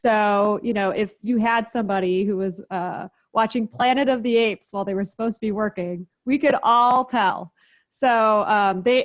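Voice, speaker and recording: A woman guest on a podcast, explaining her business practices in a brisk, practical, step-by-step way. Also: a little high. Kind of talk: interview, explaining.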